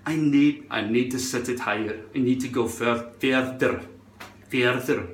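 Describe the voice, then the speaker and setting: A man's voice: mid-range voice, measured pace, a little hiss or hum. A man vlogging about hairpieces in a put-on Scottish accent, rambling and self-mocking, swearing freely. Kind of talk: casual vlog monologue. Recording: echoey room.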